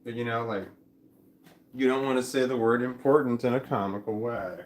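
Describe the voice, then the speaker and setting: A man's voice: medium pitch, steady tone, normal speed. A middle-aged man talking to a distant camera at home in a meandering, self-interrupting way, chuckling now and then. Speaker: vlogger. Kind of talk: rambling casual monologue. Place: home room. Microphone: camera mic at a distance. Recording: roomy home recording, faint ambience.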